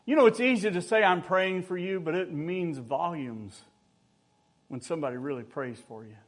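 An older man preaching from the pulpit, his voice sitting a little high for a man. He tells homespun stories with a light, joking touch, then lifts into earnest exhortation. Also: moderate pace. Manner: folksy storytelling with humor and rising exhortation. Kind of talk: sermon.

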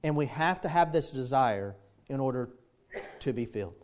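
A man's voice: medium pitch, lively intonation, normal speed. A middle-aged man preaching a sermon, telling homely stories and acting out the voices in them. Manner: folksy storytelling, acts out quoted voices. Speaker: pastor.

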